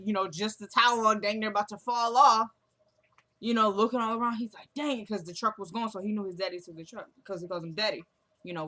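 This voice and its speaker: A young woman hosting a casual vlog recap of a TV episode, chatty and slangy, acting out the characters' lines in quick quotes. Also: mid-range voice, pushed and bright. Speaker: show recap host.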